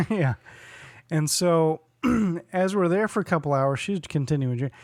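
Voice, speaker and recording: Man, forties, podcast co-host, casual storytelling, acts out quotes, slightly high voice, dry close sound. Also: unhurried, no echo. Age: 40s. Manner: animated storyteller who acts out quotes and laughs often.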